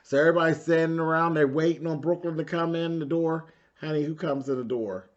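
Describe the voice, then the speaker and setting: A man's voice: on the high side, steady tone, brisk, highs cut off. A man recapping a reality TV episode in a sassy, gossipy way, calling his listeners "honey" and "child". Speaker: reality TV reviewer. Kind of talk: casual episode recap commentary.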